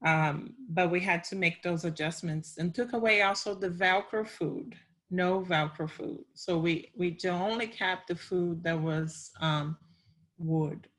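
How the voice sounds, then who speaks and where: A woman teacher on a webinar panel explaining classroom changes in a halting, self-correcting way. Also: lowish voice, fairly bright tone. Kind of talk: webinar talk.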